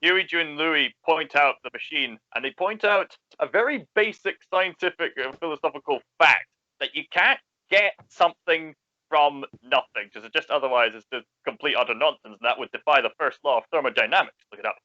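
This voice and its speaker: A Scottish man from Scotland, co-hosting a casual podcast chat in a playful, animated way. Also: a little high, brisk, no echo, dull audio. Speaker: podcast co-host.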